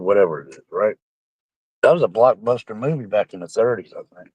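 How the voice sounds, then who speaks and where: A man's voice: medium pitch, expressive, brisk, dry recording, dull audio. A man chatting casually and rambling with his viewers on a live stream, sounding like he has a bad cold. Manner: rambling, salty, joking.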